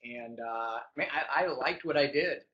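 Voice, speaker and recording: Bright-voiced man sharing his story. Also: medium pitch, unhurried. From Chicago. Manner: relaxed, conversational, asks the audience questions. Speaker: business presenter. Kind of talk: personal story told to an audience. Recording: dull lo-fi recording.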